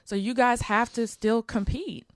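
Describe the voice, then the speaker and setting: A woman's voice: on the high side, fairly even intonation, a little slow, no room sound. Chatty, laughing woman host. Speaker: podcast host. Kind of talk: casual interview chat.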